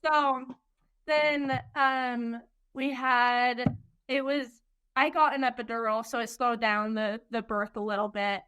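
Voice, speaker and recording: A woman's voice: a little high, fairly even intonation, measured pace, pushed and bright, clean tone. A young woman telling her own story as an interview guest. She talks earnestly, uses many "like" fillers, and acts out what others said. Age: young adult. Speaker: interview guest, birth mother.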